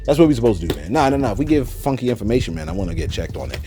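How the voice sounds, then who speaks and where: A man with hosts a loose livestream chat, answering viewers and slipping into prayer and scripture. His pitch swings lively up and down as he talks. Faint music plays underneath. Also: racing. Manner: loose and animated, prays and preaches with scripture. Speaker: host of a celebrity news channel. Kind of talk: casual livestream chat reading comments.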